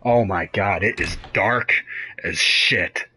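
A man's voice: deep voice, takes it slowly, bright, forceful tone, a little hiss or hum. A young man commenting on a horror game, frightened and swearing as he talks to himself. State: shaking with fear. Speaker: gamer.

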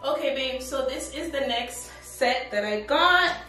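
A woman's voice: high-pitched, animated, unhurried, bright, forceful tone, soft background music. Chatty young woman, echoey room. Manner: chatty, upbeat, lots of "like" and "but yeah". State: out of breath. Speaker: fashion vlogger. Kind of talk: casual try-on haul chat. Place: home room with a tripod. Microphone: camera on a tripod.

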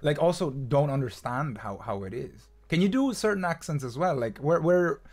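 A man's voice: on the high side, expressive, normal speed, a little mellow. A young man from Bali with a blended Irish and Australian-tinged accent, chatting casually as a musician guest and rambling with frequent laughs. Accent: mixed Balinese-Irish with Australian touches. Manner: chatty, rambling, laughs often, slips into impressions. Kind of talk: casual chat.

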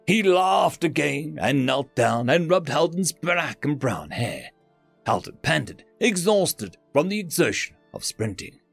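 A male storyteller narrates a science fiction tale with dramatic expression. His slightly high voice is gravelly and swings widely in pitch. It is recorded dry and close over faint background music. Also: very animated, measured pace, no room sound.

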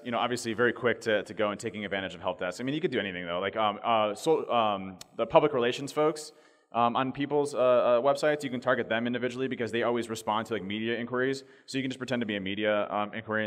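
Fast-talking man at a conference talk. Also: lowish voice. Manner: fast, animated storytelling with many fillers. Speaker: conference speaker. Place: conference hall. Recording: long reverb of a large hall.

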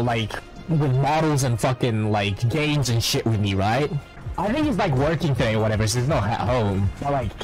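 A man telling stories casually as a streamer, excitable and swearing constantly. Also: a little high, low-quality recording. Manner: profane, excitable storytelling. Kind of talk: casual chat.

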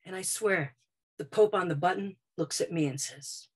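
A woman from Brooklyn telling a first-person story on stage, dramatic and vivid, moving between quiet and loud passages. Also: lowish voice, normal speed, husky. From Brooklyn, United States.

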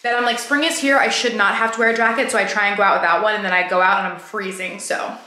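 A woman's voice: mid-range voice, steady tone, fast, sharp tone, echoey room. A young woman vlogging casually at home, chatty and full of "like" fillers. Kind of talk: casual vlog chat. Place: home, indoors.

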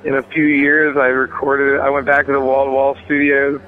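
A man's voice: medium pitch, monotone, fairly quick, slight background noise. A man talking casually about his music as an interview guest, rambling with many fillers and restarts. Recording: tinny phone line.

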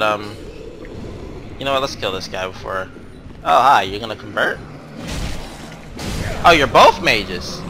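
A man's voice: mid-range voice, a little hiss or hum. A man hosting a let's play, talking through his game in a rambling, self-correcting, chatty way. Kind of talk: casual gameplay commentary.

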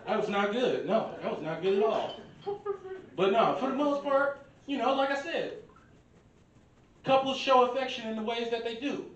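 A man in his thirties from Milwaukee works through a stand-up set with a loose, profane, conversational manner. His voice sits high for a man. The recording is echoey and distant, picked up from across a bar. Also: normal speed, long pauses, highs cut off. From Milwaukee, USA. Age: 30s. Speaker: stand-up comedian. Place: karaoke bar open mic. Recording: roomy bar echo, distant mic.

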